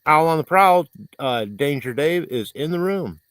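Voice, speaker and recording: A man's voice: on the high side, expressive, measured pace, fairly bright tone, dry recording. A man hosting a livestream, rambling in casual chat and reading viewers' comments aloud, congested and coughing. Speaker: livestream host.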